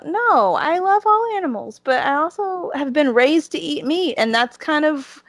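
A woman's voice: high voice, expressive, normal speed, hardly any pauses, fairly bright tone, no room sound. A woman with a Southern accent chatting casually as a podcast co-host, emphatic and full of restarts. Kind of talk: casual chat about wrestling.

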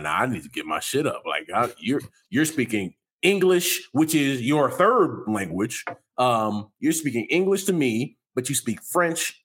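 A young adult man co-hosting a casual podcast, animated, laughing often and acting out the people he quotes. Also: mid-range voice, husky. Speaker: podcast co-host. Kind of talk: casual chat.

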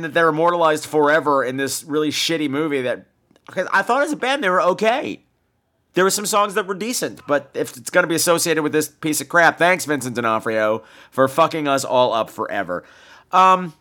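A man's voice: a little high, pushed and bright. A man hosting a podcast, campy and theatrical, swearing freely while he wraps up the show. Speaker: podcast host. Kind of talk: solo podcast wrap-up.

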